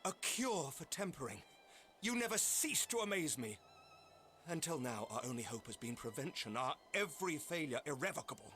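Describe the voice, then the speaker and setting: A man voicing an earnest, formal nobleman who leads a holy city, speaking in measured, courtly phrases. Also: a little high, very animated, bright, forceful tone. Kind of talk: formal game dialogue. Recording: game audio with faint music. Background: faint game music.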